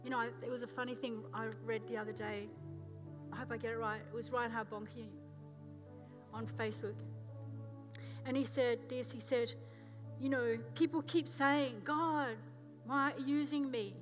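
An Australian woman pastor giving a sermon, telling a story and moving from loud urgency to hushed, intense moments. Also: fairly high pitch, steady tone, moderate pace, pauses often, muffled recording, music in the background.

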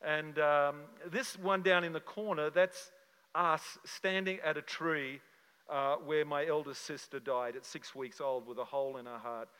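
An older man from Australia, a pastor telling a personal story to his congregation in an animated, conversational way with many restarts. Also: a little high, measured pace, clean tone, in a large hall, low-quality recording. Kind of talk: sermon with slide show.

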